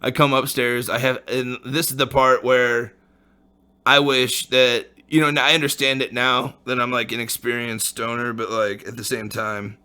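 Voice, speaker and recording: Podcast guy rambling thru a story, bright forceful voice, swears a lot, lots of laughs. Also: medium pitch, level tone, moderate pace, smooth. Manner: rambling, profane slang, frequent laughs. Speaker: podcast host. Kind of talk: casual storytelling.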